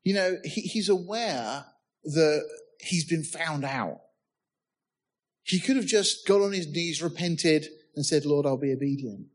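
A man with a husky, somewhat high voice, preaching a sermon. He reads the old scripture wording aloud, asks his listeners questions, and adds touches of humor. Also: lively intonation, measured pace. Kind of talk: sermon with Bible reading.

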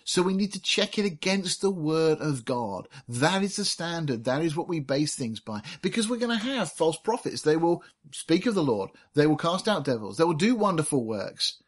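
A man's voice: fairly high pitch, sing-song, moderate pace. Earnest man preaching a sermon. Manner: earnest teaching, reads scripture aloud with emphasis. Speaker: pastor.

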